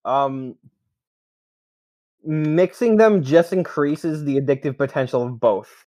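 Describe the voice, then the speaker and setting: A man running a tabletop game as game master, giving calm, matter-of-fact rulings. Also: a little high, slow, no echo.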